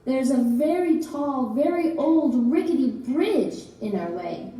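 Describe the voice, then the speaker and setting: Playful high-voiced woman leading a children's chant. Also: lively intonation, slow pace, mellow. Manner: playful, half-sung call-and-response. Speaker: children's librarian. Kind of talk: interactive action chant for children. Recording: echoey room from far off, guitar music.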